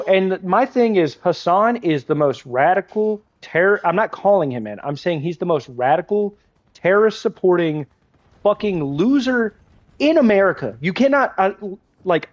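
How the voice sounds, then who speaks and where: Heated, swearing young male gamer. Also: a little high. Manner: heated, profane, rambling rant with many restarts. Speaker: gaming livestreamer. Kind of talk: ranting live-stream commentary while gaming. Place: at home at a game console.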